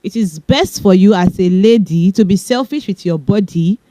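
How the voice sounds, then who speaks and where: A young woman with a Nigerian accent talks fast and chattily, handing out relationship advice with little laughing asides. Her voice is mellow and warm. The recording is dry and close. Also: medium pitch, dry recording. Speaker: podcast host. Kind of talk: casual advice talk.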